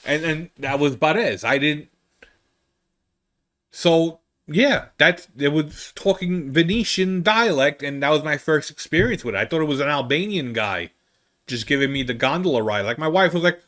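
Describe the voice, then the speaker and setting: A man, a comedian, telling a rambling travel story in an animated, casual way. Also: moderate pace. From United States. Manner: animated, rambling, with big swings in pitch. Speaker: comedian host.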